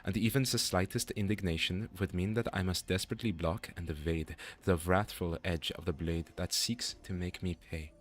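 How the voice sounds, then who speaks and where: A humble young sword pupil, formal and wistful, voiced by a man with a put-on French accent. He reads the game dialogue aloud in stately, old-fashioned phrasing. The voice sits very low. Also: steady tone, moderate pace, few pauses, natural voice. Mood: solemn.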